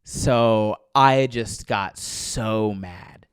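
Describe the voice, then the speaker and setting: A man in his thirties tells a story in casual podcast talk. He talks like a stand-up comedian and acts out what people said with lively jumps in voice. The sound is dry and close. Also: on the low side, very slow, clear, resonant tone, no echo. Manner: animated storyteller acting out quotes with profanity.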